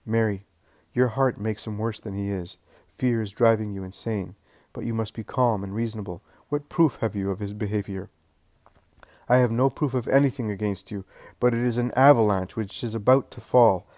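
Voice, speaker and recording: A man voicing a calm, wise male teacher who gives measured, steady counsel. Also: on the low side, no room sound, natural voice.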